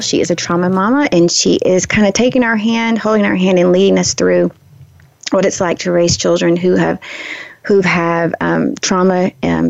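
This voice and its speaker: A woman's voice: fairly low pitch, creaky, darkish tone, no room sound, lo-fi sound. A woman hosting a radio talk show, chatty and affectionate, with a lot of fillers. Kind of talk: casual radio interview.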